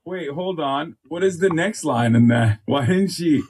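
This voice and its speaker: A man's voice: on the high side, lively intonation, a little slow, darkish tone, husky. A man co-hosting a casual reaction chat, wry and bemused, tossing out jokes.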